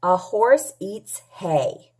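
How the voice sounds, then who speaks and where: Very slow, patient woman teaching phonics. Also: medium pitch, lively intonation, darkish tone. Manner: slow, clearly sounding out words and letters; patient, asks and answers her own questions. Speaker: English teacher. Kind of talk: phonics lesson for children.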